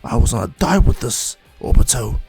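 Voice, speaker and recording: A man's voice: mid-range voice, big pitch swings, moderate pace, mellow, breathy edge, soft background music, heavily acted. A man voicing an anguished young male ninja who pleads with a raised voice.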